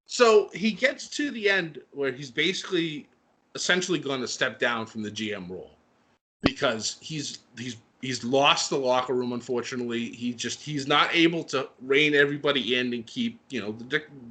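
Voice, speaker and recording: A middle-aged man co-hosting a podcast, telling a story in an excitable, emotional way. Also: on the high side, normal speed. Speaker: podcast co-host. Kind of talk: casual chat.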